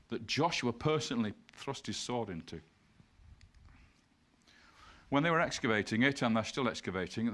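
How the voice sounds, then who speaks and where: A man with a voice on the low side and a slightly bright tone gives an illustrated lecture. He works through his slides point by point and reads scripture passages aloud.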